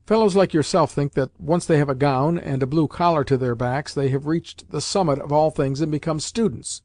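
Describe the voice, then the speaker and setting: A man's voice: on the high side, normal speed, a little mellow, no room sound, lightly acted. A man voicing a stern, condescending male professor who speaks in a clipped, scolding way.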